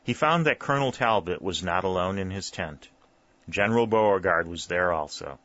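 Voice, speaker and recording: Low-voiced male audiobook narrator. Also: animated, moderate pace, fairly bright tone, no echo, lo-fi sound. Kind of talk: scripted narration.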